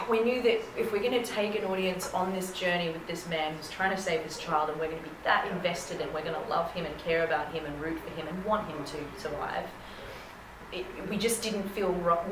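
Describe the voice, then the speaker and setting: A woman film director answering interview questions in an earnest, reflective way. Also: fairly low pitch. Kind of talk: casual interview. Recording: echoey room with background noise.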